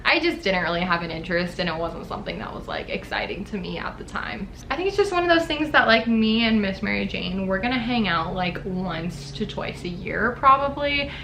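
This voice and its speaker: A woman in her twenties, a YouTuber, chats casually with her viewers in a Q&A vlog, laughing often and dropping "like" constantly. Her medium-pitched voice swings widely in pitch, moving fairly quickly with hardly any pauses and a sharp tone. The echoey room carries faint ambience and slight background noise.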